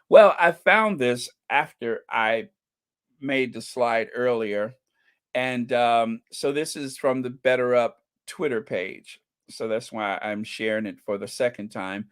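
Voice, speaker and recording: An effusive man talking casually to his livestream viewers. His voice sits at an ordinary middle pitch, and he circles back over his own phrases. He often pauses to read comments aloud. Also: smooth. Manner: gushing, repeats phrases. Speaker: channel host.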